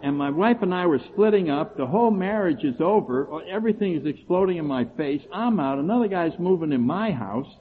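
A middle-aged man telling his own story to a recovery group, animated and quick to act out other people's replies. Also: fairly high pitch. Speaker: speaker sharing his story at a recovery meeting. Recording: tinny phone-like recording with faint background hiss.

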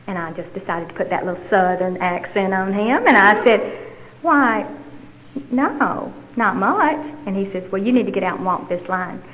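A middle-aged woman telling her own recovery story candidly, with steady repetition in her phrasing. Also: medium pitch, muffled recording, a little hiss or hum. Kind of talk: personal testimony.

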